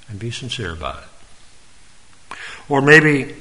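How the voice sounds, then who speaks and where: A man's voice: on the low side, measured pace, long pauses, sharp tone, poor audio. A man giving an informal, earnest sermon in a folksy way, now and then calling on listeners by name. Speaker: preacher.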